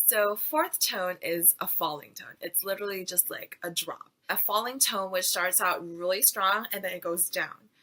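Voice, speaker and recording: A woman's voice: mid-range voice, normal speed, hardly any pauses, bright, forceful tone, poor audio. A woman giving a casual Mandarin pronunciation lesson, chatty and full of fillers, sounding out syllables as she goes. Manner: chatty, lots of fillers, demonstrates tones aloud. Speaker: Mandarin teacher.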